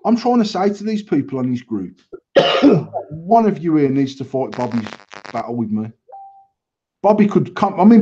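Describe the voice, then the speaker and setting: A man, co-hosting a casual podcast and swearing freely while telling animated stories about online arguments. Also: a little high, normal speed, long pauses, muffled recording. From England. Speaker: podcast co-host. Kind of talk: casual banter, storytelling.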